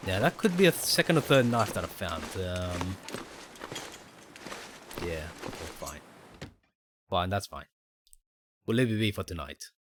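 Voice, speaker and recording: A man's voice: sits low, lively intonation, a little slow, pauses often, background noise. A man streaming a survival game, casually thinking aloud and explaining mechanics to viewers. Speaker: gaming livestreamer. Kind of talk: casual gameplay commentary.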